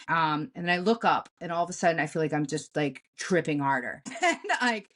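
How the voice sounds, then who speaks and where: A young adult woman co-hosting a podcast tells a personal story bluntly, with lots of swearing and vivid, animated retelling in candid storytelling chat. Her voice is lowish and she speaks at normal speed.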